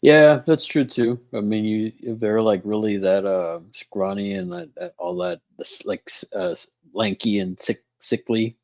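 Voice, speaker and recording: A man's voice: on the low side, unhurried, hardly any pauses, darkish tone. A man, a guest on a casual film commentary, talking hesitantly with many fillers.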